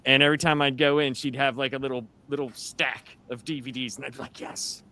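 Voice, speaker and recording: A man on a podcast panel, excitedly retelling movie scenes in casual chat. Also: mid-range voice, quick pace. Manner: excited, animated storyteller.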